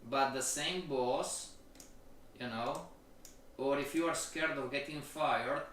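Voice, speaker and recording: A man gives a live-stream trading lecture, repeating points slowly and checking in with his listeners. His slightly high voice sounds distant in a very echoey room. Faint noise sits behind him. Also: fairly bright tone. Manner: keeps checking in with the audience; slow, repetitive delivery. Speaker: trading instructor.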